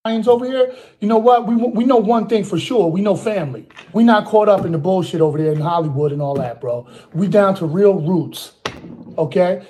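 A man's voice: sits high, brisk, warm tone, a little hiss or hum. Swaggering New guy, slangy.

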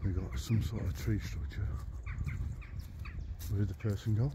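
Low-voiced male vlogger in the woods, rattled and stammering, with a noisy outdoor background. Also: fairly even intonation, moderate pace. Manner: shaken, stammering, swearing under his breath. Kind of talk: walking outdoor vlog.

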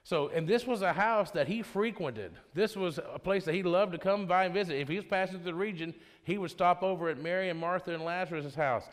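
A man's voice: sits high, brisk, hardly any pauses. Man preaching in a reverberant church. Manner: conversational, repeats and restarts often. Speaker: worship pastor leading Bible study. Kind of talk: informal Bible study sermon. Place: church sanctuary.

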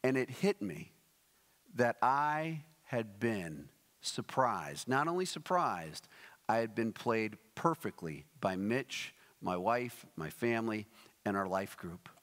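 Animated preacher in a reverberant sanctuary. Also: male voice, lowish voice, takes it slowly. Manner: animated storyteller, acts out quoted voices. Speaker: pastor. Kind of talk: sermon with storytelling and scripture reading. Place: church sanctuary. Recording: long hall reverb.

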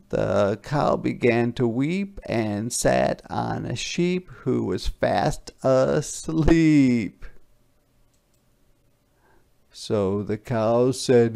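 Man, storybook read-aloud for kids; very slow, bouncy melodic delivery, slight gravel. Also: mid-range voice, a little mellow. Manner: slow, sing-song storytelling with animal sounds. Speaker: storybook reader. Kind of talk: children's picture-book read-aloud.

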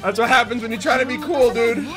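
A man reacting casually to a video game trailer, excitable, swearing freely and breaking into loud laughs and shouts. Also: very high voice, fast talker, over music. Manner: swears freely, says dude and bro.

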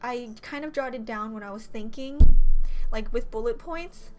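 A young woman with a high, light voice talks straight to her viewers in a vlog, close to tears. Her voice keeps breaking and she rambles and restarts, while faint music plays underneath. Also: measured pace. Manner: emotional, tearful, rambling with restarts. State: teary, voice breaking. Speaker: YouTuber. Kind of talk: emotional vlog talk to camera.

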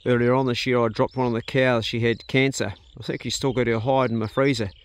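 A middle-aged man with a New Zealand accent talks casually while he walks his rural property. His voice sits at an ordinary pitch, easygoing and plain-spoken. The open outdoor air carries animal sounds behind him. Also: fast, a little hiss or hum. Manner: relaxed, plain-spoken, chatty. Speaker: vlogger, farm owner. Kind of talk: casual narration on a farm walk.

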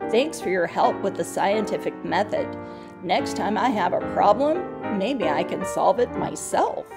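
A woman's voice: mid-range voice, animated, unhurried, creaky, over music. A woman voicing a curious young boy who keeps sneezing, raising her voice and drawing out her words in a storybook reading. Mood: earnest.

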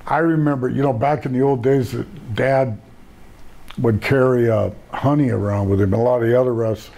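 A man's voice: medium pitch, steady tone, normal speed, gravelly, warm tone. An older man, a retired pro wrestler, telling rambling laid-back stories in a casual interview and laughing at his own jokes.

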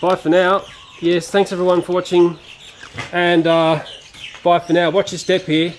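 A man's voice: sits high, flat delivery, a little slow, slight background noise. A man casually reviewing a toy playset, chatty and given to exclamations like "oh dear.".

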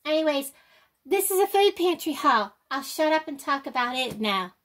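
A woman's voice: high-pitched, sing-song, normal speed, fairly bright tone. An older woman vlogging, out of breath, with slightly off speech, rambling and apologetic with many ums. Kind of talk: casual chat to camera.

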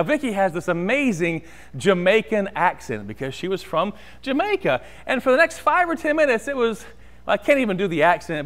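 A man preaching a sermon in a church sanctuary, telling a personal story in an animated, conversational way. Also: high voice. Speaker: pastor.

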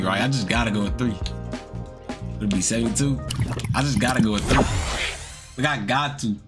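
A man giving excitable commentary over his own basketball video game, trash-talking, swearing, muttering to himself and yelling when he scores. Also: mid-range voice, normal speed, pauses often. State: out of breath. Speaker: gaming YouTuber. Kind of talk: live gameplay commentary. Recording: music playing under the voice.

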